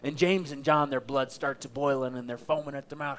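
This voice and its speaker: A man's voice: medium pitch, steady tone, normal speed, a bit bright. A middle-aged male pastor from Oklahoma preaching a sermon, emphatic and dramatic, building his points with repetition.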